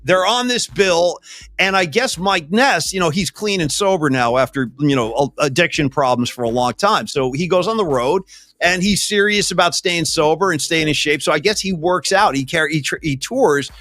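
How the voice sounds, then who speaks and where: A man, co-hosting a podcast in a casual, animated storytelling manner. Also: a little high, moderate pace, dry recording. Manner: animated storyteller, laughs often. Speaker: podcast co-host.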